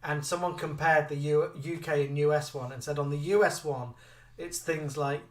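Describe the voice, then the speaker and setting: A man co-hosting a live chat show, reading out viewer comments in an animated way. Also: fairly high pitch, moderate pace, distant mic. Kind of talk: casual live-stream chat. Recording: echoey room, away from the mic.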